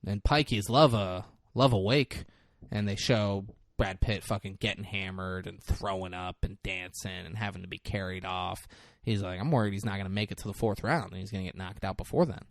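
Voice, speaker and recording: A man's voice: low-pitched, fairly quick, no room sound, studio quality. A man co-hosting a podcast, recapping a film in casual chat and acting out the characters' lines with swearing. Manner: animated retelling with acted-out quotes, swearing. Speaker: podcast co-host.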